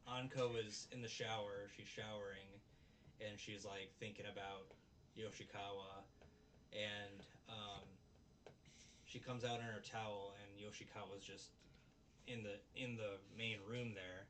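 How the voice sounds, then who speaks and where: Animated man recapping, off-mic. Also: fairly low pitch, unhurried. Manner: animated retelling, acts out characters' lines. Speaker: anime review host. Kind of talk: casual episode recap chat. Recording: distant mic with faint background noise.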